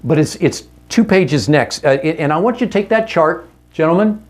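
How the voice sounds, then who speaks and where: A man's voice: on the high side, animated, normal speed, a little mellow. Earnest man teaching a marriage seminar. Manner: earnest, direct, uses rhetorical questions; candid and conversational with self-corrections.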